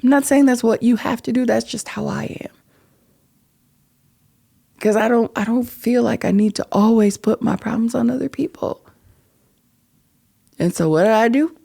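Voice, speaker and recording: A woman's voice: a little high, moderate pace, creaky, long pauses, dark tone. A middle-aged woman hosting a podcast, talking through personal feelings in an earnest, emotional way that often drops to a whisper. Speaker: podcast host. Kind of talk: personal reflective monologue.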